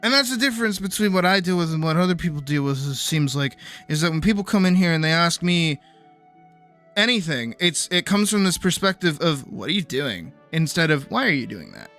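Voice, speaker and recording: A woman's voice: fairly low pitch, brisk, a bit bright, soft background music. A woman streamer chatting casually with her live audience, rambling and acting out other people's voices, swearing freely.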